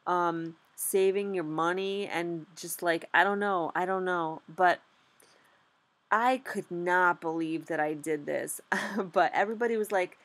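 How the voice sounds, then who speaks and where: A young adult woman giving a casual vlog recap as a beginner stock trader, animated and candid, with lots of "like" and frequent swearing. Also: fairly low pitch, a little slow.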